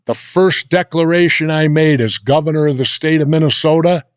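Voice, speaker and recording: An older American man telling blunt, gruff stories in a sit-down interview. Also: fairly high pitch, moderate pace, no room sound, studio quality. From United States. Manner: gruff, blunt anecdotal storytelling. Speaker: interview guest. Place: indoor interview set.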